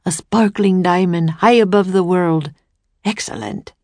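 A woman's voice: lowish voice, measured pace, darkish tone, no echo. A woman voicing a stern, suspicious male samurai warrior who speaks formally and asks probing questions.

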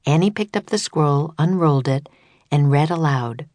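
A woman narrating a children's audiobook in a slow, deliberate, even manner. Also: low voice, no room sound. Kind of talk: scripted narration.

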